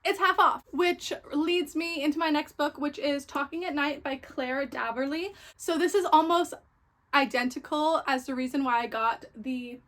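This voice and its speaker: Chatty high-voiced young woman vlogger. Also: moderate pace. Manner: chatty, gushing, many fillers like "like" and "so yeah". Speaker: book vlogger. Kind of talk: casual book haul chat.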